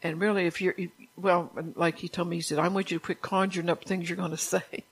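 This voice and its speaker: Older woman, husky, gravelly, informal Bible teaching, chatty testimony. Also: fairly low pitch, little pitch movement, fast. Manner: chatty, testimonial, asks the group questions. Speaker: Bible study leader.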